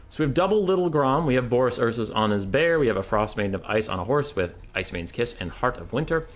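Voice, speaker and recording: Casual streamer with lively swings. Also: male voice. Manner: swears casually, breaks into a high baby-talk voice for his dog. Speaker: streamer giving strategy advice. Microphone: desk microphone.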